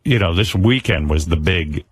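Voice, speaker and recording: A man's voice: deep voice, animated, moderate pace. A man hosting a radio show, telling rambling self-mocking stories with lots of restarts. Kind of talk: casual radio talk.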